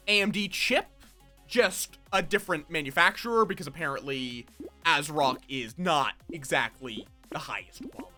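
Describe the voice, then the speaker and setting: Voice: medium pitch, bright, forceful tone. A streamer in casual live-stream chat while gaming, rambling and cutting themselves off mid-thought as they talk to viewers. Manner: rambling, self-interrupting, chatty with viewers.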